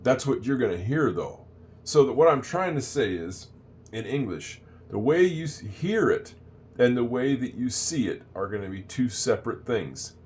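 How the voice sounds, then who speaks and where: An older man giving a casual English lesson, chatting, repeating phrases slowly and wandering off on tangents. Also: medium pitch, sing-song, darkish tone, a little hiss or hum. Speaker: English teacher.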